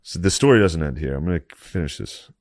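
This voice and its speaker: A stand-up comedian telling a rambling, indignant story in casual podcast chat, swearing freely. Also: male voice, very deep voice, expressive, fast talker, a little mellow, dry recording, clean studio sound.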